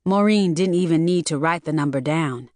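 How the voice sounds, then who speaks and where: A woman narrating an audiobook in an even, measured, scripted reading. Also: deep voice, dry recording, studio quality.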